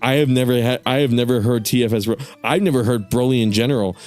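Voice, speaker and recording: A man's voice: mid-range voice, fast, a little mellow, soft background music. A young man streaming a game, chatting casually, swearing often and laughing at himself. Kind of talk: casual gaming stream chat.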